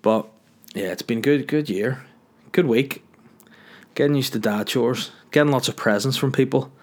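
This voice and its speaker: A man's voice: mid-range voice, normal speed. A man with a Northern Irish accent who hosts a podcast and talks in a rambling, jokey way, full of filler words. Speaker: podcast host. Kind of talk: casual podcast monologue.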